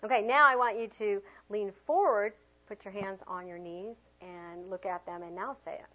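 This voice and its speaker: A woman leading a teaching workshop, animated and chatty, swinging her voice high and low to demonstrate tone and prompting the group with lots of fillers. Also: normal speed, slight background noise. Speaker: teacher trainer. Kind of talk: classroom workshop talk. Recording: dull lo-fi room recording.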